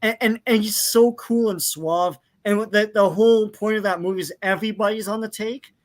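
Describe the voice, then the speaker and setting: A man co-hosting a casual chat, telling animated stories with many fillers. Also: high voice, fairly quick. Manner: animated storyteller, hesitant fillers.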